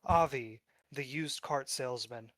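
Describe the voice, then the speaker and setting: A man narrating a tabletop role-playing game as game master in a steady, descriptive storytelling manner. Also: medium pitch, a little slow, no room sound.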